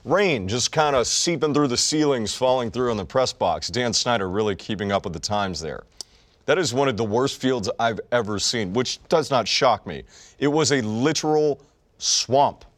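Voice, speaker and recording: A man's voice: medium pitch, lively intonation, normal speed, no room sound. A young man co-hosting a podcast, chatting casually and sarcastically about sports. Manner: wisecracking, sarcastic. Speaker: podcast co-host.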